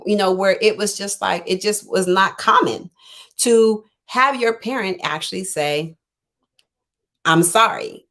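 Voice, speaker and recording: A middle-aged woman life coach, unwell and clearing her throat, chatting casually on a live stream and acting out both sides of her conversations. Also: mid-range voice. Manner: conversational, rambling with many fillers and restarts.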